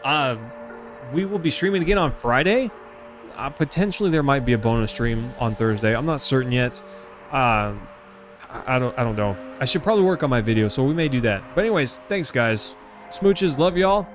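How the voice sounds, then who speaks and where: A man's voice: mid-range voice, lively intonation, moderate pace, faint music behind. Chatty man live-streaming a game. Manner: chatty, addresses viewers as team and buddy. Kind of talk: casual live-stream chat.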